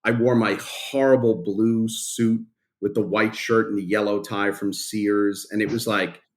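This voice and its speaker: A man's voice: on the low side, fairly even intonation, a little slow. A man in his fifties, a company founder, telling a story in a casual and blunt way, swearing freely, in a podcast interview. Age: 50s.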